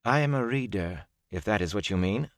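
A man voicing a gentle, resigned woman healer in a fantasy audiobook, who speaks softly and apologetically. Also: on the low side, lively intonation, fairly quick, no echo, studio quality. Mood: sorrowful.

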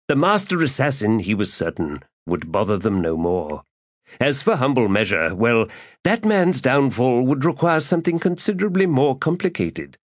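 A man reading a fantasy audiobook in a measured, dramatic storytelling manner. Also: medium pitch, no echo, clean studio sound. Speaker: audiobook narrator. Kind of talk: scripted narration.

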